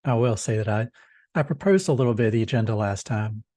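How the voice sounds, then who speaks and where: A man's voice: on the low side, animated, fast, mellow, no room sound. A man speaking easily and with dry understatement in casual chat during meeting prep. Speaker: meeting participant.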